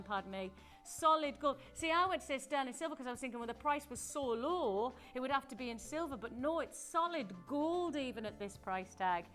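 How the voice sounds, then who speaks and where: Woman, home shopping host, high bright voice, effusive sales patter over soft music. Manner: gushing, chatty and persuasive. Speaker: shopping channel presenter.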